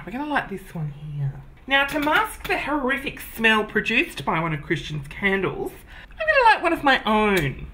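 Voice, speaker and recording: A vain, self-adoring woman, played by a man, gushing at her own reflection in a comedy sketch. Her voice swoops up and down with lively animation and a bright, forceful edge. She flatters herself nonstop in chatty, over-the-top bursts. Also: very high-pitched, heavily acted. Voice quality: wig-wearing drag persona, chatty and gushing. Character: vain self-obsessed woman named Trish. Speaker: comedy character host.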